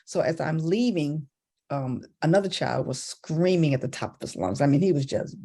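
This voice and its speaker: A woman in a church women's group telling a personal story in a casual, animated way. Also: normal speed, husky. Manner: animated, acts out a child's voice in high pitch. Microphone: video call.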